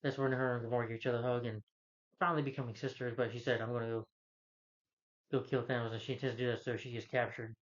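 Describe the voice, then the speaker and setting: A man retells a film's story in loose, casual talk, stumbling over names and correcting himself. His voice sits at an ordinary middle pitch. The recording sounds muffled and lo-fi. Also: steady tone, racing. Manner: rambling, many fillers and self-corrections. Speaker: film reviewer. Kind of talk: casual movie plot recap.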